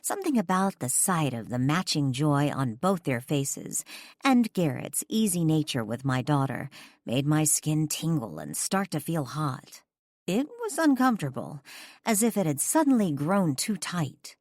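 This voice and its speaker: A woman narrating a first-person romance audiobook, expressive and dramatic. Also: measured pace, no room sound, studio quality. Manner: expressive, dramatic, sweeps high for dialogue.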